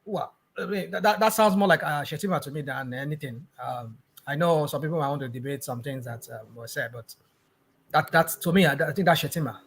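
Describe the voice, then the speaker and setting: A man hosting a heated panel discussion, challenging the others with rapid, pushy questions. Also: a little high, fairly bright tone, husky.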